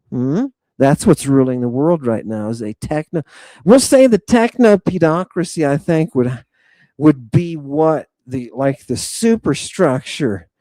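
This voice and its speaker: A middle-aged man hosting a live stream, reading viewer comments and riffing on them in an excitable, profane, rambling way. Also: high voice, dry recording. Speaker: livestream host reading chat. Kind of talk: casual live-stream chat.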